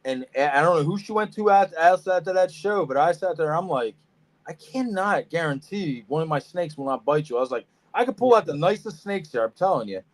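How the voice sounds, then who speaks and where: A man co-hosting a casual podcast, telling animated stories about reptile shows, swearing freely and acting out what people said. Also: fairly high pitch, brisk. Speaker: podcast co-host, snake breeder. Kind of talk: casual storytelling chat.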